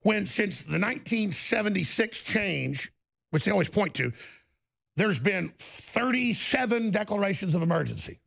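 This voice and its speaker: A man's voice: high-pitched, lively intonation, normal speed, creaky, fairly bright tone. A man hosting heated political commentary, ranting sarcastically. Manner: ranting, sarcastic, jumps between mock voices.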